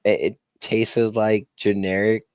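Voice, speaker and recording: A man's voice: fairly low pitch, level tone, slow, a little mellow, smooth, no echo. A man co-hosting a casual wrestling podcast, rambling with lots of fillers and acting out little quotes. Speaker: podcast co-host.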